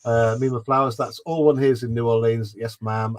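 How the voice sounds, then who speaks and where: A man's voice: mid-range voice, steady tone, moderate pace, hardly any pauses. A man hosting a livestream, reading chat messages aloud with frequent laughs and fillers. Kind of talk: casual chat.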